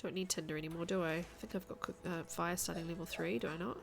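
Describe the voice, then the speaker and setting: A woman streaming a video game, chatting casually with her viewers and thinking out loud as she plays. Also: on the low side, steady tone, fast, creaky, few pauses, soft background music. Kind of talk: casual chat while playing a game.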